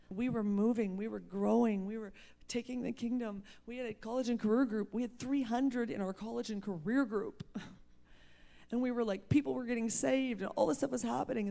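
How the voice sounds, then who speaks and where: A woman's voice: medium pitch, vocal fry, warm tone. A woman preacher giving a personal testimony, candid and emphatic, often laughing at herself. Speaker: preacher sharing her testimony.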